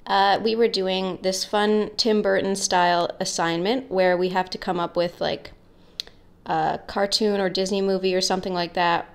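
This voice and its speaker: A woman's voice: mid-range voice, fairly even intonation, moderate pace, creaky. A young woman casually showing her sketchbook, talking in a rambling, jokey way with plenty of asides and fillers. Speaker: art vlogger.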